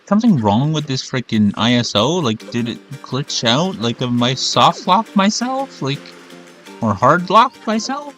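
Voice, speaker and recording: A man's voice: mid-range voice, very animated, unhurried, fairly bright tone, soft background music, low-quality recording. A man streaming a video game, casually commenting and muttering about technical glitches, with the odd swear. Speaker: gaming streamer. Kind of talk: casual let's-play commentary.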